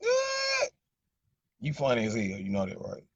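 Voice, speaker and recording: A man's voice: on the low side, fast talker, breathy edge, dry recording, lo-fi sound. A man with a Southern accent from Arkansas, rambling in a casual live chat with viewers and repeating "you know what I'm saying". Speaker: livestream host chatting with viewers.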